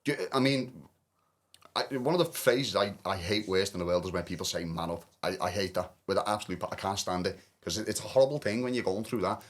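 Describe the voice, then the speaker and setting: Fast-talking low-voiced man, earnest storyteller. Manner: earnest, emotional storytelling with many restarts. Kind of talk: candid podcast conversation.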